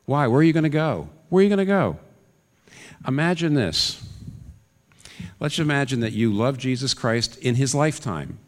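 A man preaching a sermon in an earnest way, his voice climbing into urgent questions. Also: medium pitch. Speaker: pastor. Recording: long reverb of a large hall.

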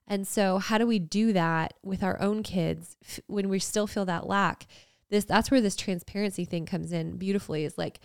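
A woman's voice: mid-range voice, fairly even intonation, normal speed, creaky, a little mellow, smooth, dry recording, studio quality. A woman in her thirties co-hosting a casual faith podcast, talking earnestly and reflectively with frequent "like" fillers. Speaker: podcast co-host.

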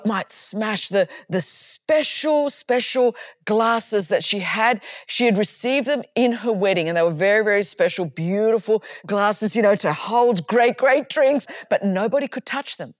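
A woman hosting a faith talk, telling family stories in an animated way with repetitions. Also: a little high, measured pace, no echo, studio quality. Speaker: podcast host.

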